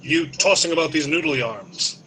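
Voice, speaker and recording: A man plays his hero in a tabletop game with earnest, mock-heroic speeches. His voice is very bright and sits a little high. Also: lively intonation, moderate pace, slight background noise, poor audio. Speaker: player. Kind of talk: tabletop role-play.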